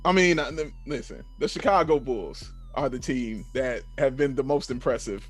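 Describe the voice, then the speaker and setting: A man's voice: medium pitch, normal speed, soft background music. A man hosting a sports podcast, steering the talk and teasing his co-hosts. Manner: steady moderator who teases. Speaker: podcast host. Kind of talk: casual sports chat.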